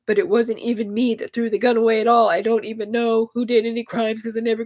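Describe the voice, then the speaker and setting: A woman on a live stream tells a personal story in a loose, rambling way, swearing freely. Her voice sits a bit higher than most women's, and her telling often turns emotional. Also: level tone, fast talker, few pauses, a little mellow. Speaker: livestreamer.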